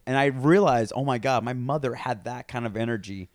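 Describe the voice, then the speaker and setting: A man in his thirties with a smooth, resonant voice tells loose podcast stories and slips into the voices of the people he quotes. His delivery is casual and lively, with some swearing mixed in. It's recorded close on a dry mic. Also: mid-range voice, a little fast, no echo. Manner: storytelling, acts out quotes with swearing. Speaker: podcast co-host.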